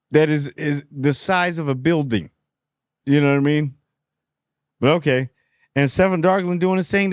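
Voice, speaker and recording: A man giving a casual, rambling spoiler review of a TV episode, full of slang and quick acted-out lines for the characters. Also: fairly high pitch, dry recording, muffled recording.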